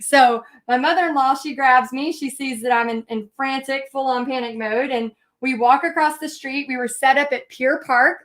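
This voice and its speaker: A woman's voice: high voice, fairly bright tone. A woman teaching a live painting lesson, chatting and telling her story with lots of fillers and restarts. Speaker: paint party instructor.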